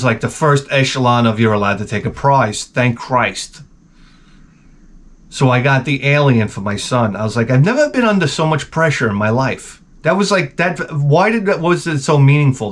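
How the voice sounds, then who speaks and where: A man in his forties, the channel host, telling a profane, rambling comedic rant. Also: medium pitch.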